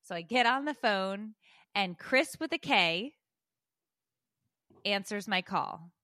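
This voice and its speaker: A woman in her forties hosting a podcast, telling a comic story in an animated, profane way and acting out the dialogue. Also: medium pitch, slow pace, no echo, studio quality. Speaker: podcast host. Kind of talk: comedic storytelling.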